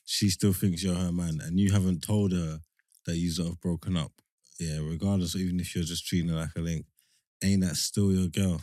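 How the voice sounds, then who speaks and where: A man joins the casual chat in a measured, questioning tone. His voice is fairly low, and the recording is dry with no room echo. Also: steady tone, a little mellow.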